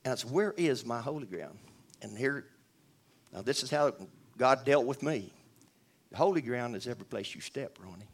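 A man's voice: mid-range voice, moderate pace, vocal fry, pauses often. A man giving a rambling, earnest spoken testimony to a church audience, full of restarts and asides.

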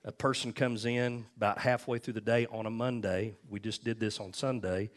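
A man delivers a sermon, his fairly low voice carrying an easy, conversational preaching style. He tells stories and keeps checking in with the congregation with "amen?" and "okay?". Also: steady tone, normal speed. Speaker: pastor.

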